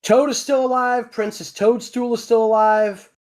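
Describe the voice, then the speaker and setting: Livestream host, man with a high voice, chatty and full of fillers. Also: little pitch movement, normal speed, darkish tone. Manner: chatty, explains at length with many fillers. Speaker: voice actor and stream cast member. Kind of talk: casual livestream chat.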